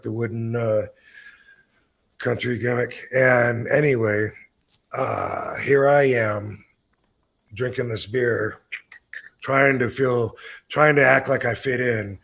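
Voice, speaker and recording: A man in his fifties tells a story on his own podcast, loose and rambling, with plenty of swearing. His voice sits at a middle pitch and carries a gravelly, fry-edged texture. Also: a bit bright. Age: 50s. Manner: laid-back, swears freely, rambling with fillers. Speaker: podcast host. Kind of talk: casual storytelling.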